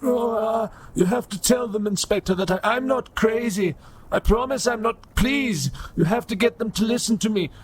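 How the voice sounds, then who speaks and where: A man playing an old, spindly, broken male robot priest who pleads desperately and haltingly. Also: high-pitched, breathy edge, voice pushed up. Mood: pleading.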